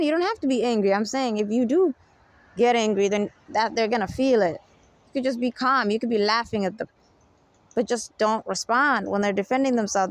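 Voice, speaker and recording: A woman speaking in an unscripted advice monologue, emphatic and repetitive, often checking in with the listener. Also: fairly high pitch. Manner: emphatic, keeps asking "you get me?". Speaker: self-help speaker.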